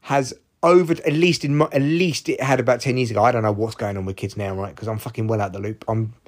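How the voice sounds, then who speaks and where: This solo podcast host is a man in his forties who talks fast in a mid-range voice with fairly even intonation. His casual monologue wanders, mixing self-deprecation with plenty of swearing.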